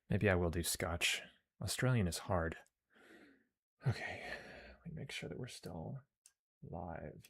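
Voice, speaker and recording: A man with a very low voice streams a space game. He jokes and swears to himself while reading the story text aloud in a loose, casual way. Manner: joking, profane, talks to himself.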